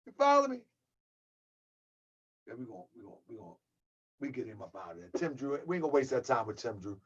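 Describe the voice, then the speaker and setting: A man hosts a livestream and rants in a heated, mocking way, often calling his viewers family. His voice sits at an ordinary middle pitch. The sound is dull and lo-fi. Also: wildly swooping pitch, fast talker, husky. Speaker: channel host. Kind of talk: livestream rant.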